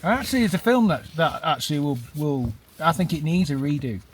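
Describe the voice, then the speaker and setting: A man's voice: fairly high pitch, sing-song, brisk, a little hiss or hum. A man chatting at an outdoor camp, hesitant and rambling, with many restarts. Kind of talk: casual chat. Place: outdoors at a wild camp on moorland.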